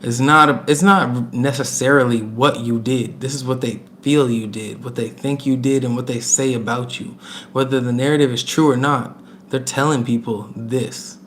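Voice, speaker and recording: A man's voice: medium pitch, steady tone, normal speed, a bit bright, slight background noise. A man giving a casual, chatty tarot reading to camera, emphatic and prone to repeating himself, with laughs between points. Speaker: tarot reader.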